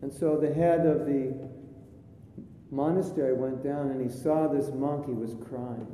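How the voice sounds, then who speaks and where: Guy teaching a spiritual talk, storytelling n cracking jokes, dark mellow voice, boomy hall. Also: fairly even intonation, unhurried. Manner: chatty storytelling, jokey asides. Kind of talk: sermon with jokes. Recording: live recording, echoey hall, faint rumble.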